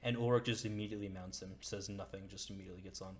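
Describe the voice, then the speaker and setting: A man's voice: low voice, fairly even intonation, racing. A man narrating as game master in an easygoing, chatty way. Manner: easygoing, chatty, lots of fillers.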